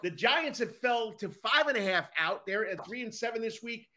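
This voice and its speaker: Bright high-voiced sports podcast man. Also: animated, moderate pace, slight background noise. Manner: upbeat, steers the talk along. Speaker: podcast co-host. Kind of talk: casual sports chat.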